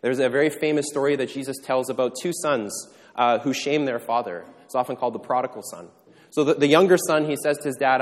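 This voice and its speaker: A mid-pitched man preaches a sermon from the front of a church, teaching in a loose, conversational way that often restarts its sentences. His voice carries a long reverb tail from the large sanctuary around him. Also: fast talker. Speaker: pastor.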